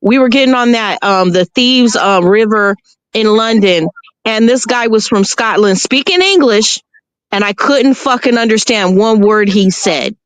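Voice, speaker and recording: A man's voice: sits high, a little slow, fairly bright tone, clear, resonant tone, no room sound. A man with a Southern accent arguing bluntly and profanely on a casual panel. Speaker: podcast panelist. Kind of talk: heated casual debate.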